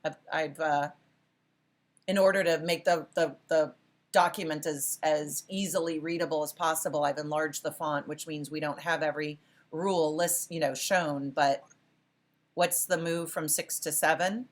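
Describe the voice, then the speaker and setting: A woman with a deep voice teaches a college philosophy class at a normal speed and with fairly even intonation. The lecture is interactive: she encourages her students, praises them often, and keeps restarting her sentences to correct herself.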